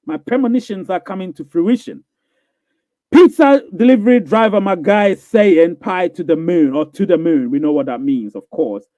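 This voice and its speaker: With a mellow, somewhat high voice, this man talks at normal speed with few pauses while hosting a live Q&A stream. He handles viewer comments emphatically, repeating phrases and asking "you get what I'm saying?" Thin, phone-like audio with no room sound.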